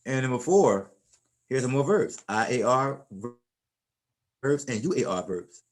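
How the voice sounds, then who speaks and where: A man teaching a Spanish class in a relaxed, casual way, often repeating and restarting words as he explains. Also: mid-range voice, unhurried, soft background music.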